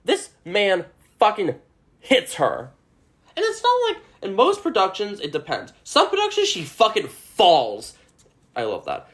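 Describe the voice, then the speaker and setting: A woman's voice: mid-range voice, measured pace. A woman hosting a podcast, rambling through an emotional, swear-filled recap. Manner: animated, emotional, swears a lot. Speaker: podcast host.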